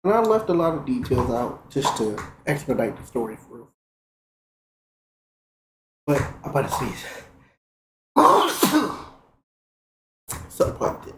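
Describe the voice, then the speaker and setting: A man's voice: medium pitch, moderate pace, pauses often. Young man, streamer, casual profane storytelling, echoey room, light background noise. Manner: profane, animated retelling. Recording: roomy with faint noise.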